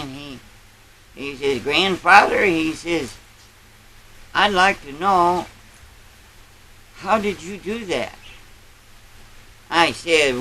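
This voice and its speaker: A man's voice: on the high side, sharp tone, slight background noise, rough recording. A man playing a boastful old country grandpa, telling a rambling tall tale in a folksy drawl. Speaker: storyteller. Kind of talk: character storytelling.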